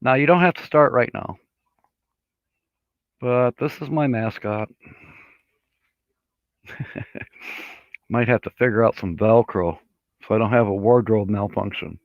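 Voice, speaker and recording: This man runs a casual live stream, talking in a lowish, creaky voice as he rambles easygoingly and reads viewer comments aloud. His delivery is slow and loaded with fillers, and the recording is dry, dull and lo-fi.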